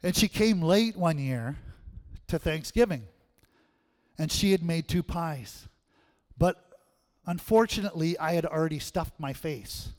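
A man preaching a sermon, telling stories in an animated way and laughing often. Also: fairly high pitch, measured pace, long pauses.

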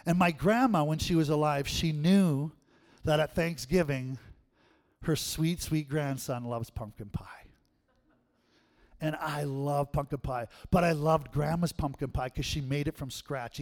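A man preaching a sermon, telling stories in an animated way and laughing often. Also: on the high side, measured pace.

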